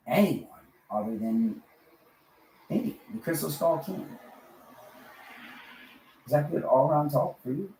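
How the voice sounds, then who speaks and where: A man's voice: a little high, lively intonation, a little slow, long pauses. Erratic profane man rambling in a hotel room. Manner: erratic, profane, swinging from mumbling to yelling. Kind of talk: rambling monologue. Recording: roomy distant mic with faint noise.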